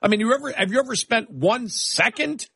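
Older husky-voiced man, animated talker. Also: very high-pitched, a little fast. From New York State. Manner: animated, jumps into exaggerated mocking voices. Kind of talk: casual chat.

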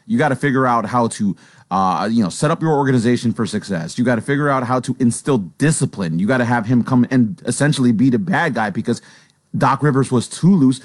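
A man co-hosting a sports talk show, with a mid-pitched voice and a blunt, conversational way of talking. He states strong opinions plainly. The recording is dry and close. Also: dry recording.

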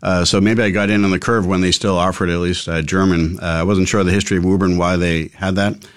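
A middle-aged man with a very low voice, a guest answering questions on a radio interview. He talks fast and eagerly and fills his sentences with little fillers. The sound is dry and close, with no room around it. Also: level tone, dry recording. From Massachusetts, USA. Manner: quick and eager, with many fillers. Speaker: guest, meetup organizer.

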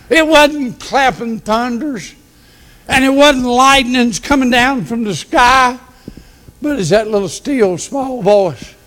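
A man's voice: very high voice, a bit bright. An older man preaching a folksy, homespun sermon in a church, chuckling between phrases. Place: church sanctuary. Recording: long church hall reverb.

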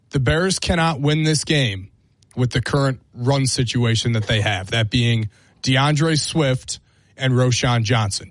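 Sports radio analyst guy, measured and steady, dry studio mic. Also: medium pitch, no echo.

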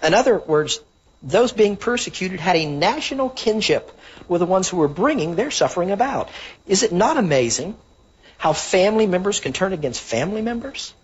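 Husky-voiced preacher, lively emphatic delivery. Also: male voice, high voice, normal speed. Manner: earnest, emphatic Bible teaching with verse citations. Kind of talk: sermon. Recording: dull lo-fi recording.

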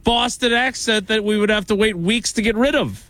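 A man's voice: high-pitched, normal speed, a bit bright, no echo. A man hosting a casual talk show, thanking listeners and teasing his co-host in a wry way. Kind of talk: casual chat.

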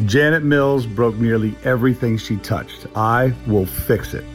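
A man's voice: medium pitch, measured pace, faint music behind. A man, a candidate for office, speaking firmly and assertively in a campaign ad. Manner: firm, assertive delivery. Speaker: political candidate. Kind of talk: campaign ad speech.

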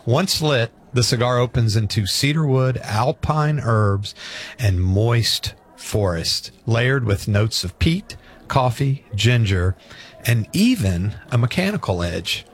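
A man in a relaxed chat reads tasting notes aloud. He is playful and easygoing, at a middle pitch. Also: slow, husky. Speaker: podcast co-host.

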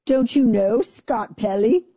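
A woman's voice: a little high, slow pace, dark tone, breathy edge, pitched above the performer's own voice, heavily acted. A woman mimicking an indignant, pompous male TV newsman with a mock-grand, affected delivery.

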